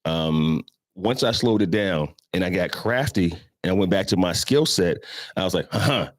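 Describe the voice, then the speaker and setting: In a low voice at normal speed, a man in his fifties hosts a show and tells stories loosely, talking directly to his audience. He calls them "y'all" and performs different voices in this casual storytelling monologue. The recording is dry.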